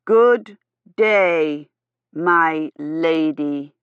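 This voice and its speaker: A woman reading aloud, voicing a young knight who speaks slowly and stresses every word. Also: fairly low pitch, no echo, close to an everyday voice. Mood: deliberate. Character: earnest young knight, slow and over-distinct. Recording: slightly dull, dry audio.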